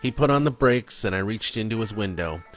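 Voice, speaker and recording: A man reading his own dark prose and poetry aloud in a blunt, confessional manner. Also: on the low side, lively intonation, fairly quick, soft background music.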